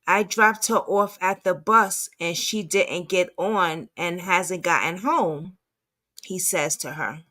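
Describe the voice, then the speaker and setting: Slow, low-voiced woman reading messages. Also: sharp tone. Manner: halting, stumbling reading with restarts. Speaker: advocate commentator. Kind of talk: reading messages aloud with commentary.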